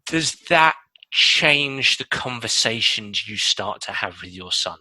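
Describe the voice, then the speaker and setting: An English man hosts a podcast interview, his low-leaning voice sharp and forceful. The sound is dry and close, with no room around it. He asks reflective, probing questions. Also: lively intonation, slow pace, no echo, low-quality recording. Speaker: podcast host.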